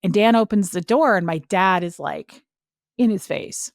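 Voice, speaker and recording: A woman's voice: lowish voice, measured pace, no room sound, clean studio sound. A woman guest telling a personal story in a casual, earnest way, full of "like" fillers. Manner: earnest and emotional when recounting. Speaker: podcast guest.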